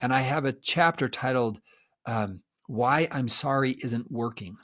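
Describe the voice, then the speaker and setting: A man's voice: medium pitch, a little slow, a bit bright. A man talking as a guest expert in an interview, earnest and explanatory, often repeating words as he starts a thought. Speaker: guest expert on betrayal recovery.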